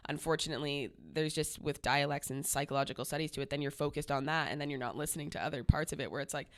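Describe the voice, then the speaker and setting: Speaking quickly in a low voice, a woman from the Boston area co-hosts a podcast. Her casual chat is direct and packed with fillers.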